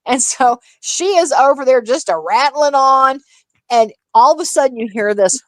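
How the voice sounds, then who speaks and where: A woman co-hosting a casual livestream chat, telling gossip in an animated, profane, laughing way. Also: sits high, moderate pace, dry recording. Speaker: livestream co-host.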